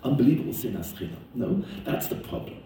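A man's voice: medium pitch, sing-song, quick pace, dark tone. A man telling stories in a sermon, an emphatic storyteller whose voice leaps up when he gets stirred. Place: lives in Israel. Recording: very echoey room, mic far off.

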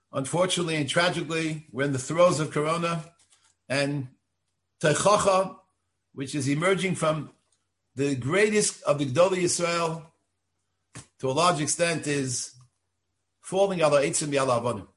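An older rabbi lecturing on Torah with steady earnestness, weighing his words as he teaches. His voice sits a touch higher than most men's. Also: a little slow, pauses often. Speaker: rabbi of a synagogue.

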